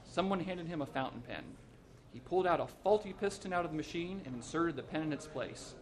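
A man narrates a short story aloud in an even, measured storytelling manner. His voice sits on the higher side for a man. The reading is plain and steady.

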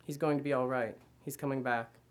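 A man voicing a gentle caring mother. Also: medium pitch, steady tone, a little fast, close to an everyday voice. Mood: reassuring.

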